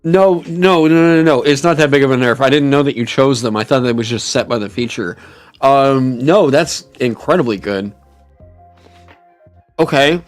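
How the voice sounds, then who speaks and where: A man streamer chatting casually and reacting, excitable and rambling, with frequent swearing. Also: mid-range voice, normal speed, soft background music. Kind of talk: casual chat.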